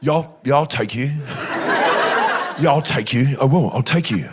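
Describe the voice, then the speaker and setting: A cocky straight bloke squaring up at a club, his voice pushed deep and gruff with posturing bravado, as a male comedian puts him on. The delivery is loud, crowded by heavy audience laughter in a theatre. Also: unhurried, heavy background noise, natural voice. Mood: swaggering. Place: theatre stage.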